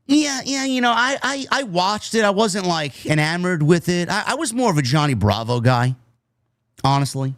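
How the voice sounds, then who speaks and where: A man's voice: high voice, sing-song, moderate pace, fairly bright tone, dry recording, clean studio sound. A man reviewing a wrestling show in a casual, rambling way, swearing freely and drifting into tangents. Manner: profane, nostalgic, tangent-prone.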